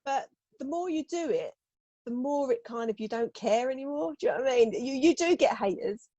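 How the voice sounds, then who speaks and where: A woman chats as a podcast guest in a fairly high voice. She is blunt and lively, laughs easily and slips into quoted voices. The sound is dry and close. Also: fairly quick, no room sound, muffled recording. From United Kingdom. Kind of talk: casual podcast chat.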